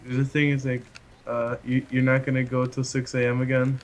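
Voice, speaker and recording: A man chatting casually as a guest on a livestream, talking in a hesitant, halting way. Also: mid-range voice, monotone, a little hiss or hum, rough recording. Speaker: stream guest. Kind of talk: casual chat on a call.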